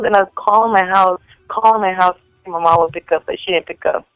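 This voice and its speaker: A woman telling rambling stories in a casual chat, full of "like" fillers and animated quotes of other people. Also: fairly low pitch, a little fast, clear, resonant tone, no echo, poor audio.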